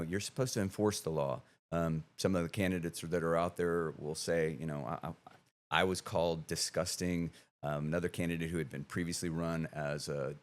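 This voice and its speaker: A middle-aged man speaks quickly in a low, deep register. He is a guest on a studio podcast, talking frankly and casually and often laughing at his own jokes. His voice sits close on the mic. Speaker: guest, district attorney candidate.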